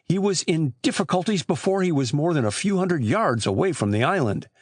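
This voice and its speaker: A man reading an adventure novel aloud as an audiobook narrator, with animated shifts for the characters. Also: fairly high pitch, brisk, no echo, studio quality. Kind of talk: scripted narration.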